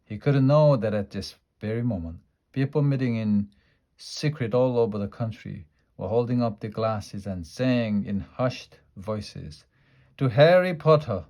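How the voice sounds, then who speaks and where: A man reading a children's book aloud, slow and careful with small slips. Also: fairly low pitch, mellow. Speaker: storybook reader.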